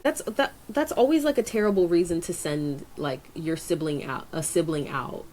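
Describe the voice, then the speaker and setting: A woman co-hosting a podcast in casual chat, rambling with many fillers and jumping up in pitch to stress a point. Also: lively intonation, normal speed, hardly any pauses, darkish tone, slight background noise. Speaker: podcast co-host.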